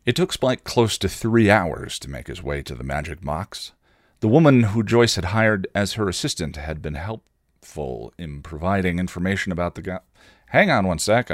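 A man with a deep voice hosts a podcast and reads fan fiction aloud, breaking off for chatty, self-mocking asides. The sound is dry and close. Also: no room sound. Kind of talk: casual podcast reading.

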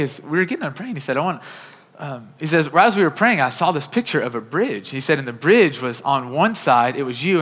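A man's voice: on the high side, fairly bright tone. A man in his thirties preaching a sermon, telling a personal story in an earnest, conversational way. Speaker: pastor. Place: church auditorium. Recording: church hall reverb.

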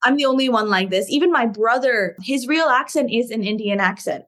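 Lively American woman, high voice. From United States. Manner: animated, emphatic, quick asides. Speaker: podcast co-host. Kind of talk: casual chat.

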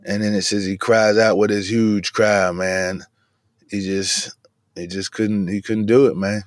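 A relaxed man with a fairly low voice talks through a Bible story for his podcast. He records from inside his van, and the sound is close and dry with no room echo. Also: unhurried. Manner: relaxed and chatty, says "man" often. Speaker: podcast host. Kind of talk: casual devotional bible talk. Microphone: video camera in a van.

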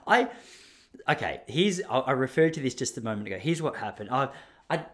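A young Australian man telling a story in a casual, mock-indignant monologue. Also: brisk. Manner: animated, mock-indignant, jumps up high when acting out others.

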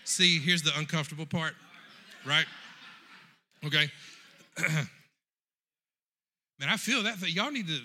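Animated, bright-voiced man preaching. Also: a little high, measured pace, pauses often, a little hiss or hum. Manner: animated, addresses the congregation directly. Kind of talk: sermon storytelling.

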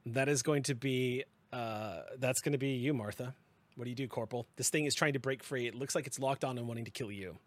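A man's voice: medium pitch, a little fast. A man narrating as game master of a tabletop role-playing game, describing the action and calling for dice rolls.

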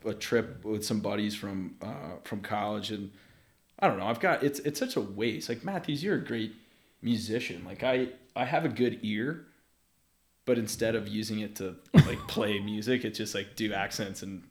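A man in his thirties, a podcast guest telling stories in casual conversation, lively and laughing often. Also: fairly low pitch, normal speed.

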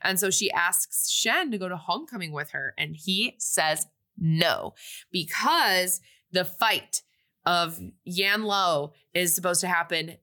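A woman's voice: lowish voice, slow, pushed and bright. A young woman on a podcast, casually retelling a movie plot in a rambling way, full of fillers. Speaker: podcast co-host. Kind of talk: casual movie recap chat.

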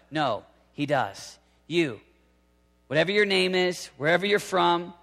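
A man's voice: high voice, expressive, measured pace, creaky, a bit bright. A man preaching with energy, acting out the voices of people he quotes. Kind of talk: sermon. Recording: reverberant hall.

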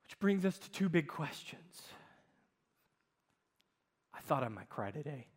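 A man preaching a sermon as pastor, telling stories with dramatic swings in loudness. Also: on the high side, unhurried, a little hiss or hum. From United States. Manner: animated storytelling, dramatic shifts in loudness. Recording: long hall reverb.

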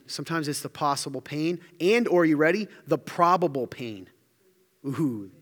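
A man preaching a sermon in an energetic, joking, conversational way. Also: fairly high pitch, in a large hall. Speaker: pastor.

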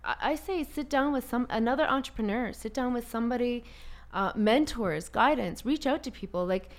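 A woman in a casual conversation as a guest, telling stories in an animated way and laughing often. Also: fairly high pitch, normal speed.

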